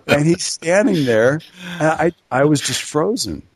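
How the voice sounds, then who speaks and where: A man casually telling a funny story on a podcast, animated and laughing between lines. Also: fairly high pitch, measured pace, slightly rough, no room sound. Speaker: podcast co-host.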